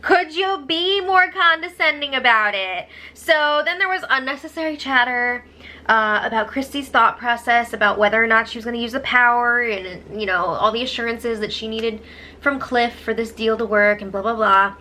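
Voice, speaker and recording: Sarcastic woman giving a bright casual recap. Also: a little high, normal speed, a little hiss or hum. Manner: sarcastic, eye-rolling asides. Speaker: host recapping a reality show.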